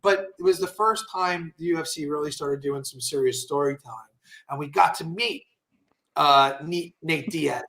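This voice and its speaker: High, bright-voiced man telling stories. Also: normal speed, vocal fry. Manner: animated, profane, full of fillers and asides. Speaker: guest entrepreneur. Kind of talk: casual storytelling interview.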